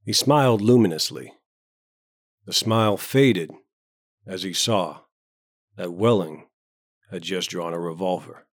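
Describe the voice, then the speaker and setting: Male audiobook narrator, measured and even, low voice, dry studio sound. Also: no echo.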